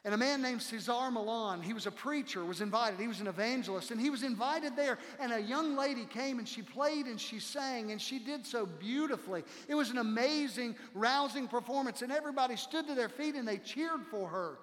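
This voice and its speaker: A male pastor preaching a sermon to his congregation, impassioned, dropping to hushed tones for quoted lines. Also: very high voice, fairly quick, hardly any pauses. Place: church sanctuary. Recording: long hall reverb.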